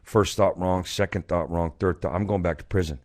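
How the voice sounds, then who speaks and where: A fairly low-pitched man speaking on a video call, telling a personal story to a conference audience. His words come in rapid-fire bursts, and he often stumbles and restarts partway through a thought. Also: fairly even intonation, darkish tone. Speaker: recovery speaker.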